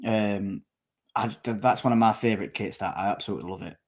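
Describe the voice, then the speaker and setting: A man's voice: lowish voice, quick pace, creaky. A man co-hosting a football watchalong, rambling casually with restarts. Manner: rambling, full of fillers and restarts. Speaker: watchalong co-host. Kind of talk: casual match commentary chat.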